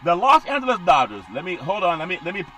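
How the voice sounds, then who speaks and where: A man's voice: high voice, big pitch swings, fast, sharp tone, slight background noise, poor audio. A man hosting a solo sports podcast, rambling through baseball news with jokes and repeated catchphrases.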